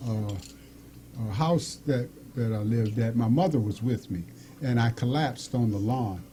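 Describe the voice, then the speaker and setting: A middle-aged man casually telling a personal story, animated, acting out the people in it and laughing often. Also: medium pitch, a little slow, slight background noise.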